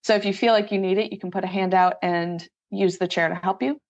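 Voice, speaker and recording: A woman's voice: mid-range voice, fairly even intonation, quick pace, lo-fi sound. Upbeat woman coach explaining exercises. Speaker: strength coach. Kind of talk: conversational interview.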